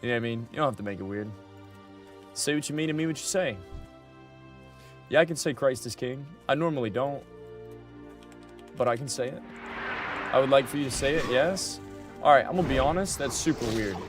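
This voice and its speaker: A young man chatting loosely on a livestream while he plays, replying to his viewers and repeating phrases for emphasis. His voice sits at an ordinary middle pitch. Faint music runs under his talk. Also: a little fast, long pauses. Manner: chatty, talks back to chat, repeats himself. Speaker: livestreamer playing a game. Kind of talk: casual livestream chat.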